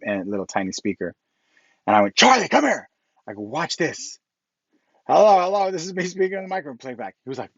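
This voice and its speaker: A middle-aged man coaching on a live stream, telling rambling, animated stories and acting out his own past lines. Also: mid-range voice, no room sound, dull audio. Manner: rambling, animated storytelling with self-quotes. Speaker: real estate coach. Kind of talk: live-stream motivational talk.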